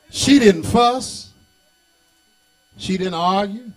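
High-voiced preaching bishop. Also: male voice, big pitch swings, takes it slowly, long pauses. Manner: preaching, rising into shouts and sing-song calls; folksy, talks back to the congregation. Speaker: bishop and pastor. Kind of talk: sermon.

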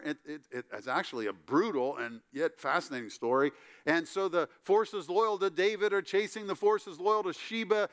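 Male pastor giving a sermon, slightly high, smooth voice, lively storytelling with wry asides.

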